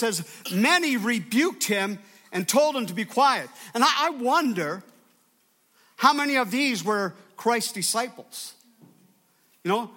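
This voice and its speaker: A man's voice: very high voice, lively intonation, unhurried, pushed and bright. A man preaching a sermon as pastor, emphatic and calling out to his congregation for response.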